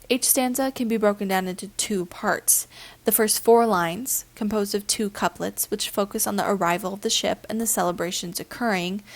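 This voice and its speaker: A woman reads a prepared literature lesson aloud in a steady, careful way. Her voice sits at a middle pitch and has a gravelly edge of fry. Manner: even, careful reading of a prepared script.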